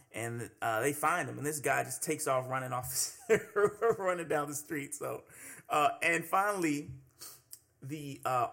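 A man's voice: mid-range voice, vocal fry, fairly bright tone. A man hosting a solo commentary podcast, talking conversationally with many fillers and restarts. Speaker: podcast host.

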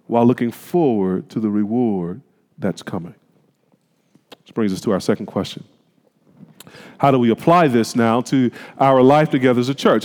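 In a mid-range, slightly mellow voice, a pastor gives an emphatic, colloquial sermon. He puts rhetorical questions to his congregation, and the recording has the long reverberation of a large hall.

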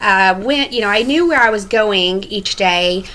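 A woman's voice: mid-range voice, measured pace, sharp tone, slight background noise, rough recording. Woman, American, podcast guest, casual chat, laughs often, filler-heavy storytelling. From United States. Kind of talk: casual conversation.

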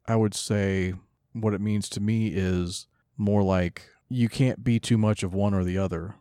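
A man with a fairly low voice co-hosting a podcast, recorded close and dry. He rambles in a laid-back way and laughs mid-sentence. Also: steady tone, unhurried, warm tone, clean tone, no room sound. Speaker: podcast co-host. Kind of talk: casual podcast banter.

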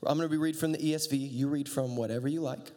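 A man's voice: medium pitch, fairly even intonation, quick pace, darkish tone. A man preaching a casual, conversational sermon with sarcastic asides, reading and explaining scripture. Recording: long reverb of a hall.

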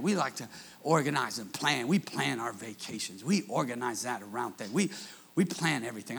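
With a fairly high pitch, vocal fry, and a breathy edge, this pastor preaches a sermon built on call-and-response with the congregation. He moves between hushed asides and passages he shouts out.

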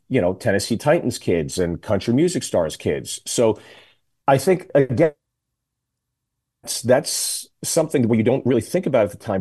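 On a talk radio show, a middle-aged man tells comic stories in casual chat. His pitch is ordinary, his tone mellow, dark and slightly rough, and he leaps into quoted voices with animated energy.

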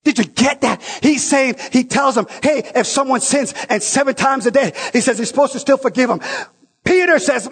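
A male preacher with a high, husky voice gives a passionate sermon at a moderate pace, swinging between shouted lines and soft asides and calling out to his listeners. A long reverb from a large church hall rings around his voice.

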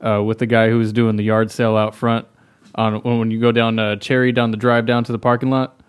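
A man's voice: fairly low pitch, little pitch movement, a little fast, a little hiss or hum. A young man co-hosting a podcast in casual chat, asking rambling questions with many fillers. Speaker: podcast co-host.

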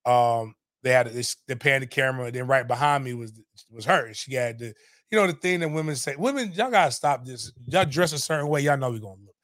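A middle-aged man, telling a story in animated, profane casual talk on a podcast. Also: medium pitch, quick pace, no room sound, studio quality.

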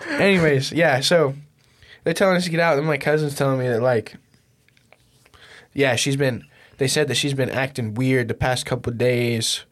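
A man's voice: medium pitch, normal speed. A young man hosting a casual home podcast, swearing constantly and laughing often as he tells stories. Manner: profane, laughing a lot, animated storytelling. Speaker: podcast host. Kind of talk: casual chat. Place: home podcast setup with a mixer.

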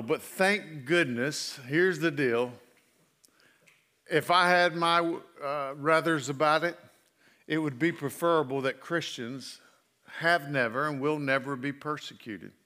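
A middle-aged male pastor preaching a sermon, folksy and animated as he tells stories. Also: fairly high pitch, unhurried. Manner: folksy storytelling with animated asides.

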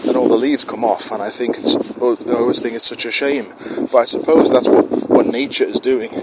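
A man's voice: medium pitch, fairly even intonation, normal speed. A middle-aged man musing aloud in a rambling, self-questioning solo monologue, recorded outside in the wind. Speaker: podcast host. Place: outdoors in the wind.

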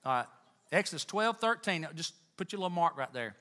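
A man preaching a sermon in church, talking to the congregation with emphatic, animated delivery and Southern turns of phrase. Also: a little high, brisk. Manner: animated, emphatic, rising to near-shouts.

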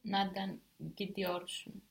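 A woman learning a language, giving quiet, careful answers in a spoken lesson. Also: medium pitch, monotone, takes it slowly.

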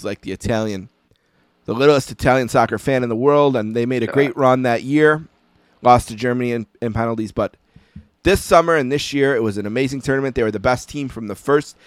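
A man in his forties, co-hosting a podcast, telling a personal story in a relaxed, reflective way. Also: mid-range voice, no room sound, studio quality. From United States. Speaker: podcast co-host. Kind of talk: casual podcast chat.

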